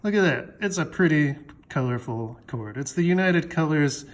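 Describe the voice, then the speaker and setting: Guy teaching music theory, kinda high voice, chatty and jokey, lots of ums. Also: animated, moderate pace. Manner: chatty, loose, with fillers and jokey asides. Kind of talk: casual explanatory lesson.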